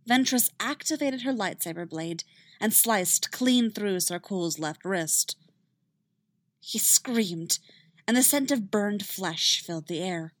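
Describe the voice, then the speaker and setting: A woman narrating a fan fiction story in a steady, even reading voice. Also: mid-range voice, no echo.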